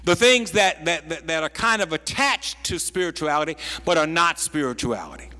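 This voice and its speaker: A man's voice: on the high side, animated, normal speed, bright, forceful tone. Preaching man in an echoing hall. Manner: repeats words while building a point, folksy asides. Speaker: pastor. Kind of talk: sermon. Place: church sanctuary.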